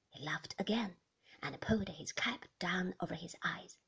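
A woman reading a novel aloud, whispering the narration and speaking the dialogue louder. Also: fairly low pitch. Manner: slow and breathy, whispering the narration and raising her voice for dialogue. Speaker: reader.

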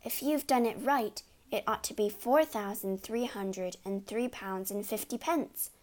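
A clever little girl in a storybook, speaking quietly, gently and patiently in a raised, lighter voice, as a woman reader puts her on. She stays calm and soft-spoken. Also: mid-range voice, measured pace, close to an everyday voice. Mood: gentle.

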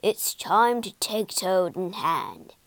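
A woman voicing a stern but kindly old male badger who speaks slowly and firmly. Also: medium pitch, no echo, close to an everyday voice.

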